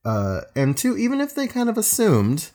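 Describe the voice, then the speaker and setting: A man's voice: high-pitched, wildly swooping pitch, moderate pace, warm tone. A man co-hosting a podcast in casual chat, laughing often and telling stories with swearing. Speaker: podcast co-host.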